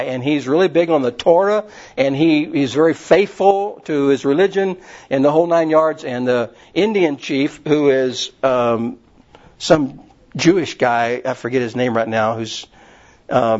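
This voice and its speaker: A man's voice: on the high side, darkish tone. A man preaching a casual, rambling sermon, retelling stories with many fillers. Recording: muffled lo-fi recording.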